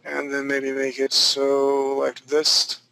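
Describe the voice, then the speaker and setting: A man's voice: mid-range voice, completely flat delivery, takes it slowly, vocal fry, bright, forceful tone, rough recording. A man teaching a live online drawing class from home, talking loosely and jokingly as he thinks aloud while he draws. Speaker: drawing instructor. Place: home studio.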